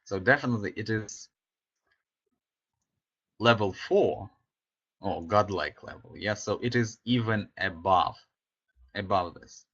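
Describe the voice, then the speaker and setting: A man's voice: lowish voice, measured pace, long pauses, fairly bright tone, slightly rough. A man teaching an English class online, chatty and full of fillers, often checking with "yeah?". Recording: slightly dull lo-fi audio.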